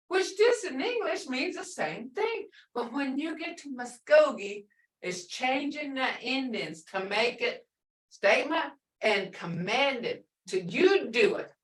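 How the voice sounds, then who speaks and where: A woman teaches a language class in a slow, unhurried way, her high voice swinging widely up and down. She is playful, laughs often and repeats phrases. Her voice sounds roomy and a little distant from the mic. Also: big pitch swings. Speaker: language instructor.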